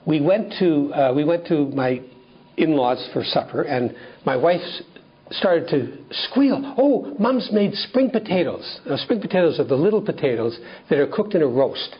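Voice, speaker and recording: A man from Canada speaking at a recovery workshop, telling a personal story in an animated way with many restarts. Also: a little high, moderate pace, slightly rough. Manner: animated, acts out dialogue, frequent restarts. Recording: dull lo-fi recording.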